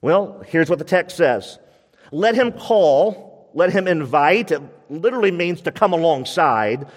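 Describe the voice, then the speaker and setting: A man's voice: a little high, expressive, normal speed. A man preaching a sermon as pastor of a church, emphatic and repeating his key points. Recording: long reverb of a church hall.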